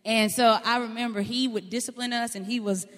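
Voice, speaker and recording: A woman preaches a sermon, slipping into folksy, animated storytelling. Her voice sits a little high. It rings out with the long reverb of a large hall. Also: fairly quick.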